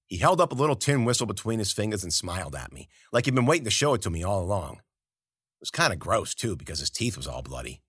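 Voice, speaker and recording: A man's voice: lowish voice, sing-song, quick pace, fairly bright tone, breathy edge, no room sound, studio quality. A man narrating a first-person story in a gritty, slangy, profane voice. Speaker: audiobook narrator.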